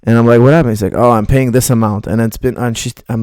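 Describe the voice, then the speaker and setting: A man's voice: mid-range voice, steady tone, fast, darkish tone, clean tone, no room sound, clean studio sound. A middle-aged man, a martial arts coach, bluntly rambling through viewer questions on a live stream.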